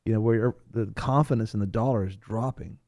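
Mellow man telling rambling stories. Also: lowish voice, a little fast, dry recording, clean studio sound. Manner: rambling, animated storytelling with restarts. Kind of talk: casual chat.

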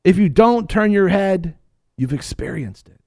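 A man delivers an impassioned sermon in a somewhat high voice. He swings from near-whispered passages to loud, ringing declarations and speaks straight to his listeners. The recording is dry and close, with almost no room sound. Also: expressive, unhurried, no echo. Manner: addresses listeners directly as sir and ma'am. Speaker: preacher.

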